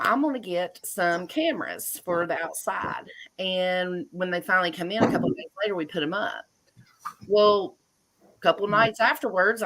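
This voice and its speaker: A woman tells her story in a bright, forward voice, lively and chatty. She speaks as a guest over a video call, from home. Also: mid-range voice. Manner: chatty, animated retelling with laughs. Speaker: guest homeowner. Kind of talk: casual storytelling.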